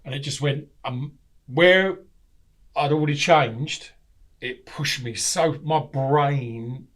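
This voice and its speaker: A middle-aged man, a podcast guest telling candid stories, animated and swearing freely, acting out what people said. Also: mid-range voice, takes it slowly. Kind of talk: candid storytelling.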